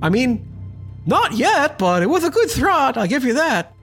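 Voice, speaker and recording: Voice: high-pitched, very animated, normal speed, over music, voice pushed up. A game master putting on a bubbly jester. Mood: oblivious cheer. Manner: bubbly, gushing, oblivious. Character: relentlessly cheerful male jester troupe member.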